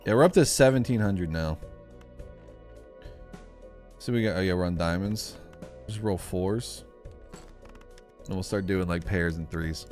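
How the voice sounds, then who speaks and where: A man's voice: low voice, measured pace, long pauses, a little mellow, faint music behind. A young man chatting casually on a live stream while gaming, rambling through a story with lots of fillers and restarts.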